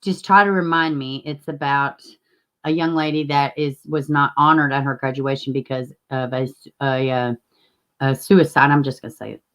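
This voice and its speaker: A woman's voice: rumbling low, steady tone, moderate pace, fairly bright tone. A woman, casually chatting with viewers as a livestream host and greeting them by name. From Tennessee, US.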